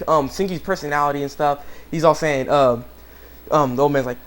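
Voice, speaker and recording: A man's voice: a little high, brisk. A man giving a casual, rambling episode review, full of fillers and restarts, now and then acting out characters' lines. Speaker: anime reviewer. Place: home room with a dog nearby.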